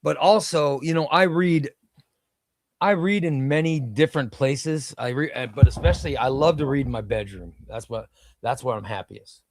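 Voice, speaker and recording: A man's voice: mid-range voice, normal speed, noisy background. Rambling man hosting a comics livestream. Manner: rambling, restarts sentences, reads chat comments aloud. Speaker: comic book livestream host. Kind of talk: casual live-stream chat. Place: home room.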